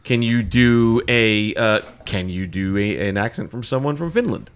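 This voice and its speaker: A man's voice: fairly low pitch, animated, moderate pace, clean tone. A man co-hosting a podcast, teasing his co-hosts and swearing freely in loose comedic banter. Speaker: podcast co-host.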